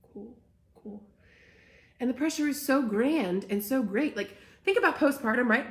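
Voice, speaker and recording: Young woman, gravelly voice, emphatic, fired-up live-stream host. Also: mid-range voice. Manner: passionate, emphatic, says "right?" and "like" often. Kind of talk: live-streamed casual talk, reading comments.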